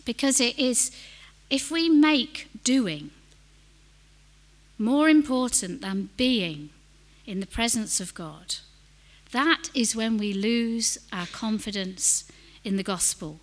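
A woman's voice: a little high, slow, pauses often. A middle-aged woman preaching a sermon, telling a personal story in an earnest, self-deprecating way.

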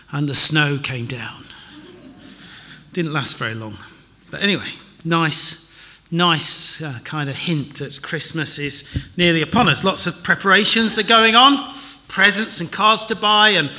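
Bright, high-voiced preacher. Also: male voice. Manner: chatty and self-deprecating, wry asides. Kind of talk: sermon with notices. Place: church.

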